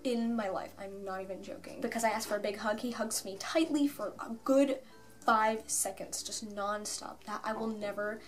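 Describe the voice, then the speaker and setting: A young woman telling a rambling, excited story for her vlog at home, full of "like" and asides. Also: medium pitch, normal speed, soft background music. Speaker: fan vlogger.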